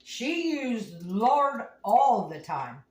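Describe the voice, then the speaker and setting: Here the host speaks extremely slowly in a highish voice with wide swings in pitch, rambling through homespun, folksy anecdotes while she cooks. Her home kitchen sounds echoey, picked up by a faraway mic.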